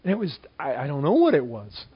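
A man preaching a sermon in an animated way, swinging between loud exclamations and quiet asides. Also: fairly high pitch, fast, husky, lo-fi sound.

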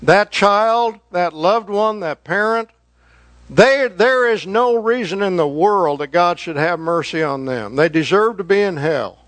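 A man delivers a sermon in a slow, deliberate, earnest way. His voice sits high for a man and climbs higher when he presses a point. The sound is dry and close, with no room around it. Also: animated, a bit bright, no room sound. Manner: slow, earnest preaching that rises in pitch for emphasis. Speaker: preacher.

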